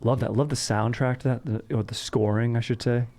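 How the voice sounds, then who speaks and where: A man's voice: medium pitch, fairly even intonation, a little fast, a little mellow. A young man hosting a podcast in laid-back, slangy casual chat, peppering his talk with "dude". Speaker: podcast host.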